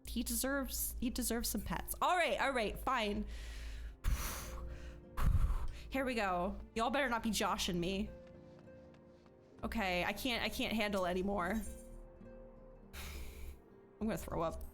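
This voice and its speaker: A woman's voice: mid-range voice, measured pace, pauses often, fairly bright tone, soft background music. A woman game streamer in casual live-stream chat, emotional and chatty, laughing and close to tears.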